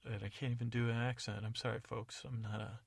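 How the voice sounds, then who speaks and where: A man delivering a loose, improvised comic monologue with deadpan asides. His voice has a gravelly, rough edge. The sound is dry and close, with no room echo. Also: medium pitch, quick pace. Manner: rambling, self-correcting, deadpan asides. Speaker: comedy podcast narrator.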